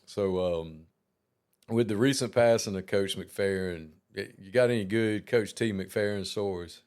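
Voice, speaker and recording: A man hosting a laid-back conversation with a coach. His voice sits very low and sounds smooth and resonant. He talks in an easygoing way, with frequent "you know"s. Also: measured pace, a little mellow. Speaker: podcast host interviewing coaches. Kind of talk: casual interview.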